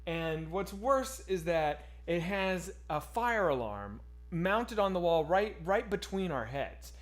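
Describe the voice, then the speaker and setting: A man with a notably high speaking voice, co-hosting a casual streamed chat. He tells stories in an animated, excitable rush, swearing freely as he goes. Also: slow pace. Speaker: podcast co-host.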